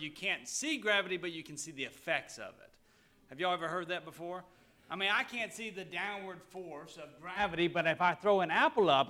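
A man's voice: fairly high pitch, pushed and bright. A man preaching a sermon to his congregation, casual and conversational, often asking them questions. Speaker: pastor.

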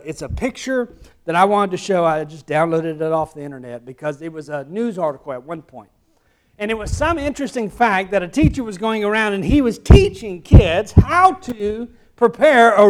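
Southern man, pastor delivering a sermon, high-pitched, quiet asides and loud emphatic peaks. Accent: Southern American. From American South.

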